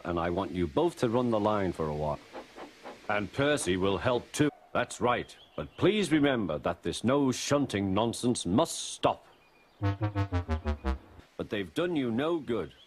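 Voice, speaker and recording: Fussy older railway boss, a man doing the voice, brisk and bossy, lots of up and down in the voice. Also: fairly low pitch, very animated, soft background music. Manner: brisk, commanding.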